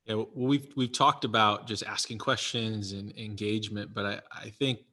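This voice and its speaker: A man's voice: lowish voice, fairly even intonation, normal speed, sharp tone. A man co-hosting a casual podcast conversation, asking questions in a friendly, joking way. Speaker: podcast co-host.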